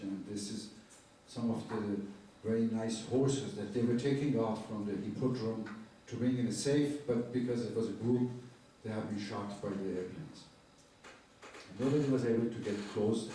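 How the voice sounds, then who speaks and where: An older photojournalist telling war stories to a lecture audience, in halting phrasing, raising his voice when quoting people. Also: mid-range voice, dark tone, slight background noise. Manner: earnest, halting non-native phrasing, quoting dialogue in a raised voice. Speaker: photojournalist giving a talk. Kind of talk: storytelling lecture with slides. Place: university lecture hall. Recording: roomy distant hall recording.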